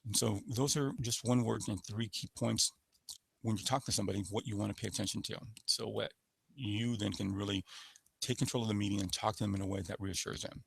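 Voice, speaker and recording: A man's voice: fairly low pitch, fairly even intonation, a little fast, gravelly, slightly rough, no echo. A man presenting a sales-skills webinar in a coaching manner, showing voice patterns with sample phrases. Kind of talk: instructional webinar talk.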